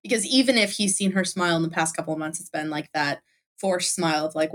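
A woman's voice: low voice, quick pace. A woman co-hosting a casual book discussion podcast, gushing and emphatic, laughing often. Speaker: podcast co-host.

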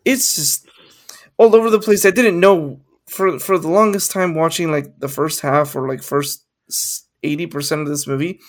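A man's voice: on the high side, fairly even intonation, normal speed. A man co-hosting a casual movie review podcast, rambling with lots of fillers and the odd swear. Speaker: podcast co-host.

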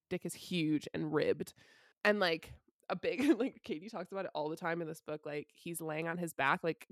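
A woman co-hosting a podcast, recapping a book in casual chat, filling her talk with "like" and telling it with animated energy. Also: deep voice, no room sound, clean studio sound. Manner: chatty, heavy use of "like" fillers; animated storytelling. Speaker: podcast co-host.

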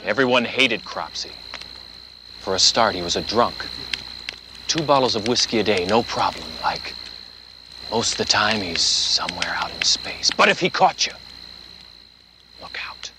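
Man putting on a gruff campfire storyteller, put-on accent, very deep voice, hushed and whispery, noisy ambience behind. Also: animated, measured pace, pauses often. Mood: ominous. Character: gruff male campfire storyteller telling a camp legend. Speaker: podcast co-host.

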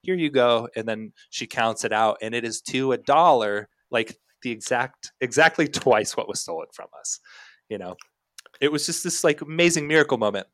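A man's voice: mid-range voice, normal speed, fairly bright tone, dry recording. Rambling young man telling stories, dry sound. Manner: rambling storyteller, many fillers. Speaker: podcast guest. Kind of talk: casual interview chat.

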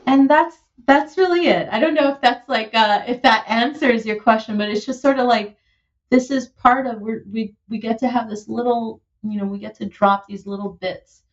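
A woman in her thirties, a musician being interviewed, talking in an animated, heartfelt way with lots of "like" and "you know". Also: fairly high pitch, moderate pace, lo-fi sound. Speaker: musician and producer, guest. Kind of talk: conversational interview.

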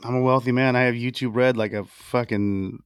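A man's voice: mid-range voice, fairly even intonation, moderate pace, smooth, no echo, studio quality. A man co-hosting a casual podcast, joking crudely and swearing freely, talking over a headset mic. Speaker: podcast co-host. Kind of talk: casual chat.

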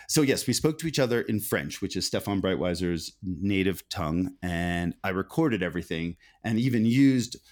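A man's voice: low voice, lively intonation, normal speed, few pauses. An American man speaking as an author guest in a conversational interview, thoughtful and often restarting his sentences. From United States. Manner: thoughtful, many restarts and self-corrections.

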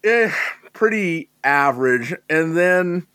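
Man co-host speaking in measured tones. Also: fairly high pitch, animated, pushed and bright, clear, resonant tone, no room sound. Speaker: podcast co-host. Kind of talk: casual chat.

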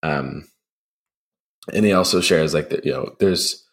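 A young man with a very deep voice co-hosts a relaxed podcast chat about a film. He rambles, fills gaps with ums, and slips into acted-out quotes. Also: a little slow. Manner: rambling, lots of ums, acts out film lines in a raised voice. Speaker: podcast co-host.

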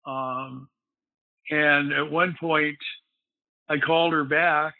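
A man's voice: fairly high pitch, fairly even intonation, takes it slowly, creaky, no room sound. A man, a guest, casually telling a long story in a rambling way, filled with "you know.". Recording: phone-like line, dry.

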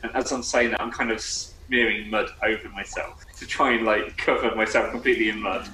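A man's voice: on the low side, steady tone, brisk, pushed and bright, roomy sound, recorded from a distance, slight background noise, poor audio. A man playing in a tabletop game, eagerly describing what his character does. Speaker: player. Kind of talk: tabletop role-play.

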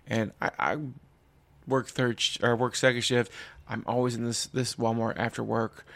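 A man's voice: medium pitch, vocal fry, no room sound. A young adult man telling a stand-up story, ranting with exasperated profanity. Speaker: comedian.

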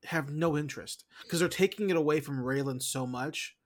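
A man's voice: on the high side, normal speed. A man co-hosting a podcast in casual chat, emphatic and profane, rambling through his points. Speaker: podcast co-host.

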